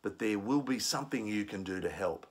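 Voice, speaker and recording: Husky, low-voiced trainer. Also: male voice, animated, fairly quick. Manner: explanatory, acts out angry commuters. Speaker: conflict management trainer. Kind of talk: instructional talk.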